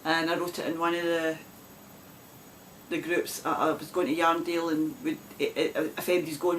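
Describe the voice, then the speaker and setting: A Scottish woman hosts a knitting podcast in a broad Glasgow accent, talking casually to the camera, laughing a lot and rambling on the side. Her voice is low with little pitch variation at a normal speed, and a little hiss or hum can be heard.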